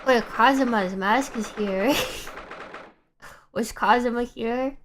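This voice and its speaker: A woman's voice: a little high, slow, a little hiss or hum. A woman streamer playing a game, reacting with giggly, chatty remarks and reading dialogue aloud.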